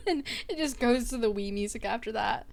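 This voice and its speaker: A woman's voice: fairly high pitch, moderate pace, creaky. A young woman streamer chatting casually and gossiping, swearing freely as she talks. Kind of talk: casual live-stream chat.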